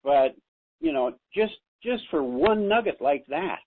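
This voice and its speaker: A man's voice: a little high, expressive, unhurried, a little hiss or hum. A man calling in to a radio show, grateful and effusive in his praise. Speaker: caller. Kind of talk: radio call-in. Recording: tinny phone line.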